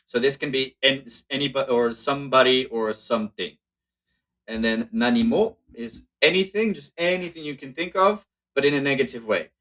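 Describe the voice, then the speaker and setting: A man teaching a Japanese lesson in English, explaining casually with frequent fillers and quick self-corrections. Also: medium pitch, pushed and bright. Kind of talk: casual spoken lesson walkthrough.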